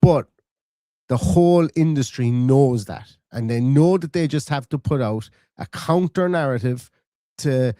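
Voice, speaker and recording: Animated man ranting fast. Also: mid-range voice, no echo, clean studio sound. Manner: animated, rapid-fire, acts out quoted voices. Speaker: football fan podcast host. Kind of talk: casual chat.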